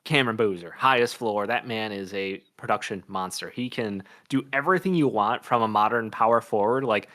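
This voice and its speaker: Bright-voiced man breaking down draft picks. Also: lowish voice, brisk, hardly any pauses. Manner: talkative and analytical, thinks aloud. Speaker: co-host, draft analyst. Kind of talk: casual sports chat.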